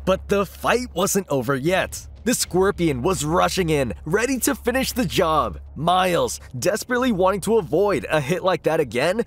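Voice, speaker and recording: A man's voice: high voice, a little hiss or hum. A man narrating a comic-book story recap in a dramatic, scripted storytelling manner.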